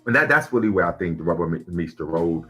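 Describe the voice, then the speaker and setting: Low husky guy explaining his side of a debate, calm and measured. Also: soft background music. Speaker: debate guest in a played clip. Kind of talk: debate argument.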